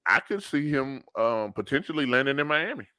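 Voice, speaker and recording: Joking man, halting delivery. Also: medium pitch, sing-song, bright, forceful tone, clean tone, no echo. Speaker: podcast co-host. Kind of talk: casual sports banter.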